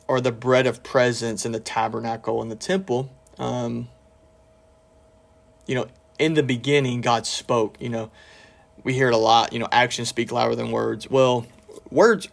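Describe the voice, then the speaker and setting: A man's voice: mid-range voice, steady tone, normal speed, gravelly. A middle-aged man preaching a podcast sermon and telling a personal story, earnest, with fillers and restarts. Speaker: pastor.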